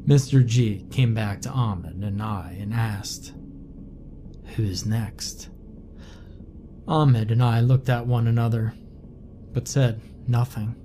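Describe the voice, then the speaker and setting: A man narrating a horror story in a slow, measured, somber scripted read. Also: medium pitch, dark tone, slight background noise. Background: faint music.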